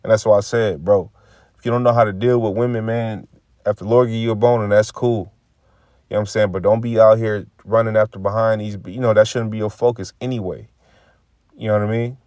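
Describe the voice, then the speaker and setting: A man with a fairly low voice gives casual religious commentary, reading scripture and riffing on it in a preachy, profane way. He repeats phrases and acts out quoted remarks. The recording is dry and close. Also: fairly even intonation, fairly quick, a little mellow, dry recording.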